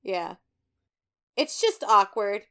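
A woman's voice: medium pitch, sing-song, slow, fairly bright tone, smooth. A woman co-hosting a podcast in casual chat, making wry, dry remarks. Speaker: podcast co-host.

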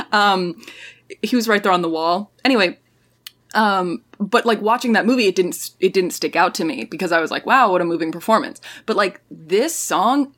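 A woman co-hosting a casual podcast chat, animated and opinionated, laughing often. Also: mid-range voice.

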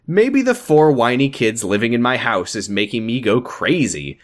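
Man with a lively, swinging voice. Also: mid-range voice, moderate pace, few pauses. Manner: dry, mock-dramatic reading with frequent laughs. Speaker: podcast co-host reading fan fiction. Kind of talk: casual comedic reading and chat.

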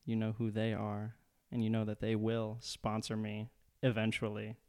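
Smooth-voiced young man, swearing podcast chat. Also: fairly low pitch, monotone, moderate pace, a little mellow. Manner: joking, rambling, swears a lot. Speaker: podcast co-host. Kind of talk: casual profane chat.

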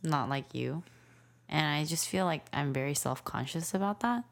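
A woman in her thirties telling a story in casual chat, animated and full of "like" fillers. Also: sits low, normal speed, creaky. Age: 30s. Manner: animated storytelling, heavy use of "like".

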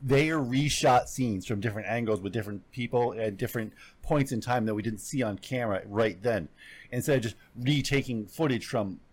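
A man's voice: medium pitch, brisk, husky. A man talking casually about shows, rambling with many fillers and restarts. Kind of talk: casual chat.

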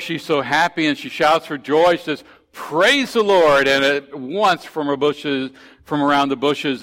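A male pastor preaches in a church, telling stories in a folksy way, with fillers and restarts. His voice sits at a middle pitch. A long reverb from the hall trails after his words. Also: a bit bright. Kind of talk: sermon.

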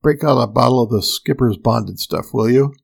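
A man's voice: medium pitch, moderate pace, vocal fry, slightly rough. A man voicing an old, badly injured spaceship engineer who speaks in a strained, dry, pained way.

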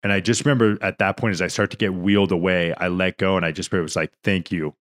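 A man's voice: low voice, steady tone, quick pace, a bit bright. A young man on a podcast, earnestly recounting a story in a rambling, emotional way with many restarts, near tears. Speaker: podcast co-host. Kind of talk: casual podcast conversation.

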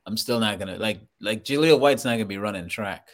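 Low-voiced Trinidadian man telling stories. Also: brisk. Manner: laughing, animated storytelling. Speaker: guest actor. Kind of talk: casual podcast chat.

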